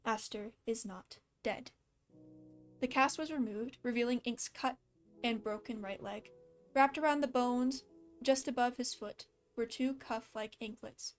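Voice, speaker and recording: A woman's voice: fairly high pitch, fairly even intonation, unhurried, faint music behind. A woman casually reading a fan story aloud with a slight lisp, stopping now and then to laugh and comment. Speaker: fan fiction reader.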